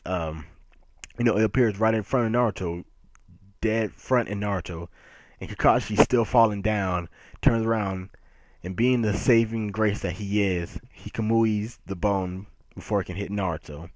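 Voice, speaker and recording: A man giving a casual manga chapter review, animated and emphatic, laughing often. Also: on the low side, moderate pace, dry recording.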